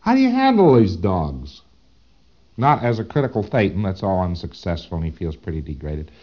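A man lectures in a low voice that swings widely and animatedly in pitch. He poses rhetorical questions and acts out his points dramatically. The sound is dull and lo-fi, like an old tape. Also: big pitch swings, normal speed. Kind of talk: recorded lecture.

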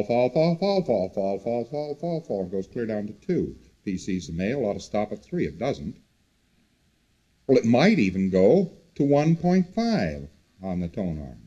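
Male lecturer, lively up-and-down delivery, conversational, repeats for emphasis, husky. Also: fairly low pitch, highs cut off. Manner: conversational, repetitive, animated emphasis. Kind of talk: recorded lecture to students.

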